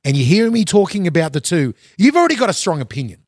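A man's voice: high-pitched, big pitch swings, quick pace, a little mellow, dry recording, studio quality. A man with an Australian accent hosting a live breakfast radio show from a conference floor, chatty and upbeat with frequent fillers. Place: side hall at a conference venue.

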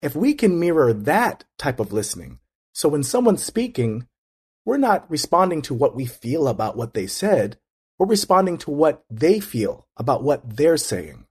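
Husky-voiced man, earnest and reflective. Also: a little high, big pitch swings, normal speed, a little mellow. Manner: earnest, reflective, with frequent restarts. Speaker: interview guest. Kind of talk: casual conversation.

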